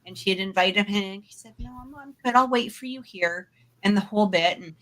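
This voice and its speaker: Woman, podcast co-host, bright tense voice, rambling chatty storytelling, fillers. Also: mid-range voice, a little fast. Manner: chatty, full of fillers and asides; laughs readily while telling. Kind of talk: casual storytelling.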